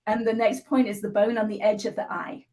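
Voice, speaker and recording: A woman explaining a tapping technique as a guest, speaking calmly and checking in often. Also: a little high, fast, rough recording. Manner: calm, instructive, frequent "right?" check-ins. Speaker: EFT tapping practitioner, guest. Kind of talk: explaining a technique on a live show.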